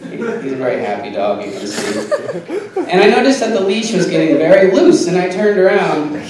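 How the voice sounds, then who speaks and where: Brief: man comic, high voice, deadpan puns, filmed on a phone far back in an echoey bar. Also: fairly quick, crowd noise. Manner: deadpan, punny, giggling at own jokes. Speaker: stand-up comic. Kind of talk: absurdist stand-up set. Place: small bar stage. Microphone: phone camera.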